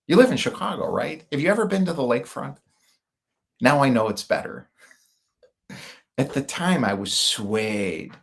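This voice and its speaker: A man's voice: sits low, gravelly. A middle-aged man from the United States rambling through personal stories with wry asides, in casual monologue style. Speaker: speaker.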